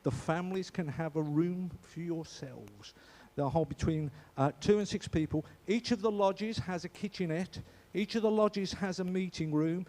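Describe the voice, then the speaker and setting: At a moderate pace, a man with a high voice and darkish tone makes a laid-back church announcement. He jokes and chats, stumbling often and restarting his sentences.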